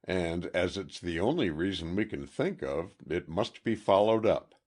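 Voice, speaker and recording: A man reading an audiobook, voicing a calm, measured detective who speaks with quiet authority. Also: low-pitched. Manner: measured, reassuring.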